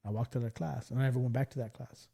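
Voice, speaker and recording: A man in his forties hosting a podcast, telling stories in casual chat, swearing freely and loudly acting out what others said. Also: mid-range voice, very fast, gravelly. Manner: animated storyteller, swears freely, acts out quoted lines loudly. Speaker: podcast host.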